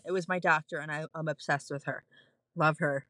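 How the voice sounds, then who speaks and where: A woman's voice: deep voice, steady tone, a little fast, bright, forceful tone, dry recording. A woman in her thirties, a nurse, candidly telling a personal story in casual chat with frequent laughs. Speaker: podcast guest, postpartum nurse.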